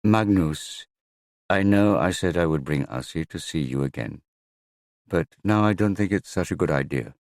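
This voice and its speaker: A man's voice: low-pitched, lively intonation, normal speed, darkish tone, no echo, clean studio sound, voice pushed up. A man voicing a firm, unyielding mother. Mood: guarded.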